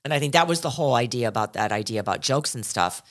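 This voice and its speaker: A woman's voice: very deep voice, lively intonation, fast talker. A woman co-hosting a podcast in casual chat, earnest and reflective, often restarting her sentences. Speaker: podcast co-host.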